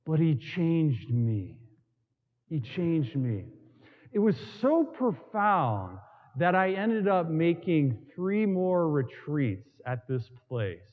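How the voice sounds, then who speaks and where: Animated high-voiced priest preaching. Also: male voice. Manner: storytelling with emphatic repetition and dramatic pauses. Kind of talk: sermon. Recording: tinny, in a long reverberant hall.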